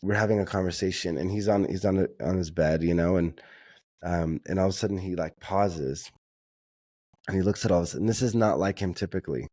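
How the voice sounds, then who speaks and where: A man with a very low voice talks earnestly and reflectively as a guest in an interview. His delivery is heartfelt, with frequent restarts and repeated words as he searches for what to say. The recording is close and dry. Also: brisk, mellow, dry recording. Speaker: guest speaker.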